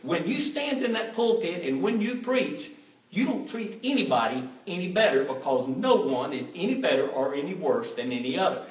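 A man preaching a sermon from a little way off the mic, so his voice carries the echo of a large room. His pitch swings widely as he stresses his points, and he hammers them home by repeating short commands. His voice sits a little higher than most men's. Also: sing-song, moderate pace, recorded from a distance. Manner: emphatic, repeats phrases for stress.

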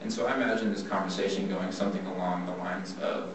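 A man with a fairly low voice gives an earnest devotional Bible talk, reading scripture slowly and then explaining it in plain everyday words. He is heard from a distance in a very echoey room. A faint hiss sits under his voice. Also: fairly even intonation. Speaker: speaker giving a Bible talk.

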